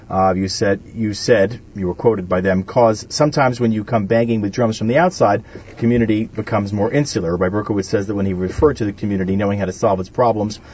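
A man's voice: lowish voice, darkish tone, highs cut off, slight background noise. A man hosting a radio talk show, chatting casually and reading statements aloud with many fillers.

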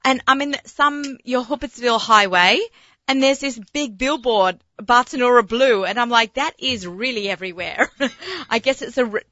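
An Australian woman co-hosts with a bright, forceful voice and an easy, chatty way of telling stories. The sound is dry and a little dull, with no room around it. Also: on the high side, normal speed, dry recording. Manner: chatty, laughs often, storytelling. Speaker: co-host. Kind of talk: casual chat.

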